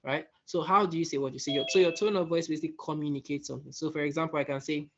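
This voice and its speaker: A man teaching a soft-skills workshop in a conversational way, often checking in with his listeners. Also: fairly high pitch, steady tone, rapid-fire, lo-fi sound, noisy background. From West Africa. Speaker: workshop facilitator.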